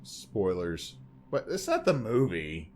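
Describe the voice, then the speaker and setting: A man's voice: mid-range voice, animated, normal speed, soft background music. Podcast guy chatting casually, rambles and cracks jokes. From Louisiana. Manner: rambling, joking, puts on silly voices. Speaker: podcast co-host. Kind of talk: casual chat.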